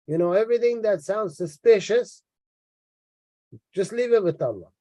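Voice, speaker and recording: A man with a high yet mellow voice delivers sarcastic, mocking commentary on a book, repeating himself and dropping asides. He sounds tired. The recording is dry, with no room echo. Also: animated, moderate pace. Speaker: religious critic reading and commenting on a book. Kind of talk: sarcastic lecture-style commentary.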